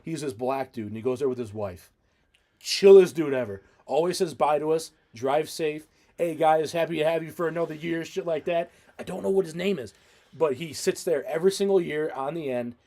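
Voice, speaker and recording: A man with a slightly high voice co-hosts a casual podcast chat. He tells stories in an animated way, breaking into laughter and swearing freely. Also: moderate pace. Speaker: podcast co-host.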